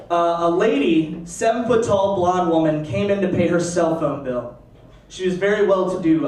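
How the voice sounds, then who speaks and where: A man doing a stand-up comedy set, telling stories in an animated way and slipping into put-on voices. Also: high voice. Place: comedy stage before a live audience. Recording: roomy, distant mic with audience laughter.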